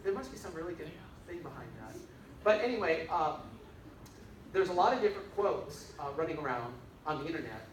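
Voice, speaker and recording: An older man, a minister giving a casual, rambling dharma talk with frequent chuckles. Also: fairly high pitch. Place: church hall. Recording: echoey hall, mic far off, faint hiss.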